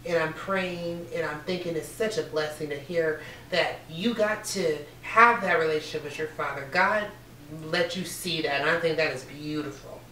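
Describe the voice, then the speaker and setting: A woman's voice: low voice, normal speed, pushed and bright. Sassy woman talk show host, echoey room. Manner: sassy, affectionate, calls people honey. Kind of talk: casual talk show chat. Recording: echoey room, distant mic, faint noise.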